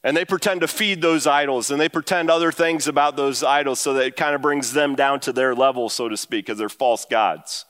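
A man preaching a sermon to his church, talking in an animated way that climbs higher when he quotes and drives home a point. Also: fairly quick, hardly any pauses. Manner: animated, rising pitch when quoting and emphasizing. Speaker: pastor. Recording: long hall reverb.

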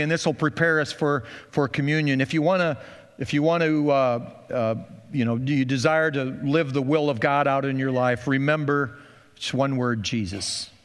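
A man preaching a sermon before communion, building to fervent emphasis and then praying quietly. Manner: rises to fervent higher preaching, then hushed prayer. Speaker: pastor. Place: church sanctuary. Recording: long hall reverb, soft guitar behind.

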